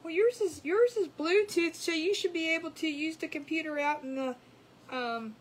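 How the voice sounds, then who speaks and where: A woman's voice: very high-pitched, moderate pace, poor audio. A woman hosting a casual craft livestream, rambling and chatty as she greets viewers by name. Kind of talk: casual live-stream chat.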